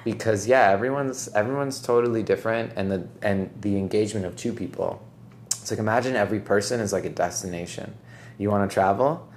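Low-voiced podcast host dude, rambly and chill, lots of "like," faint hiss behind. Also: male voice, brisk. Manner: rambling, reflective, heavy use of "like" and "right?". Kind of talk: casual podcast conversation.

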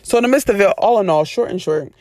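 A woman casually retelling a personal story to her viewers, rambling and animated with frequent self-corrections. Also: mid-range voice, fast talker, dry recording.

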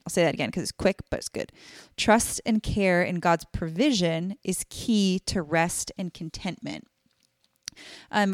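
A woman's voice: fairly low pitch, dry recording, clean studio sound. A woman co-hosting a casual Bible study podcast, talking earnestly with many fillers. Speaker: podcast co-host.

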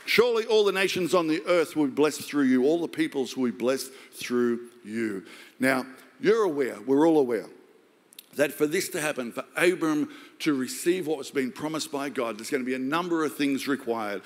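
An Australian man preaching a sermon as pastor, jokey and animated, acting out the voices of the story. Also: medium pitch, moderate pace. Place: large church hall. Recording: long hall reverb.

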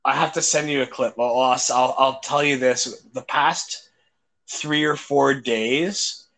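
A man's voice: mid-range voice, fairly even intonation, slow pace, gravelly, fairly bright tone. A man in casual chat, swearing constantly and acting out comedy clips he has seen.

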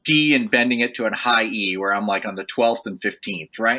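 Podcast co-host, male, expressive storyteller, bright tone, wide pitch swings. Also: a little fast, few pauses. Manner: animated storyteller, mimics guitar sounds. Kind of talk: casual chat.

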